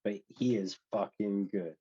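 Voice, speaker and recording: A man with a low, mellow voice talks bluntly and swears freely in casual banter. The sound comes through a dull, lo-fi mic. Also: a little slow, breathy edge. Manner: blunt, profane, offhand. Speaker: podcast co-host. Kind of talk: casual sports chat.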